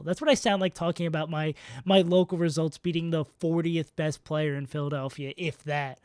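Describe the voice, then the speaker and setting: A man's voice: fairly high pitch, fairly even intonation, normal speed, few pauses, a little mellow, clean tone, no room sound, clean studio sound. A man streaming live, casually talking through player rankings in a rambling, self-mocking way. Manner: rambling, self-mocking, many fillers and restarts.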